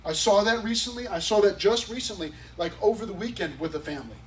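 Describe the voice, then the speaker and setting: A man's voice: high-pitched, quick pace, distant mic, slight background noise, poor audio. A male pastor preaching a sermon at a youth service in a conversational, emphatic way. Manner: conversational and emphatic, acting out quotes.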